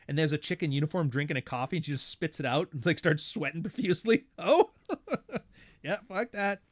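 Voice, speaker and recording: A man hosting a podcast, talking in a blunt, profane, sardonic rant and slipping into quick impressions of other people as he tells stories. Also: a little high. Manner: animated, mimics others mid-story. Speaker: podcast host. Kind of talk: casual ranting monologue.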